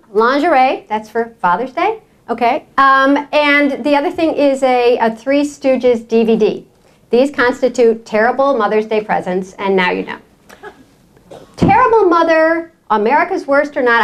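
A woman with a New York accent giving a humorous lecture as a guest speaker in a college lecture hall, telling stories as an animated, joking storyteller. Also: fairly high pitch.

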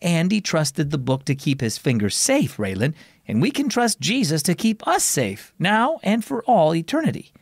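A man voicing a calm mother in a children's story, gently explaining things to her kids. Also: on the high side, moderate pace, husky, dry recording, studio quality, heavily acted. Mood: reassuring.

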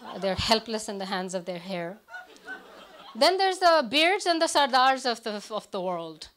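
A woman comedian performing a stand-up set with deadpan delivery. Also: fairly high pitch, moderate pace.

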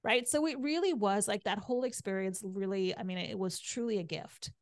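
A woman's voice: mid-range voice, a little fast, dry recording, studio quality. A middle-aged woman guesting on a podcast, telling her story candidly and chattily, with "like" and "right?" in nearly every sentence.

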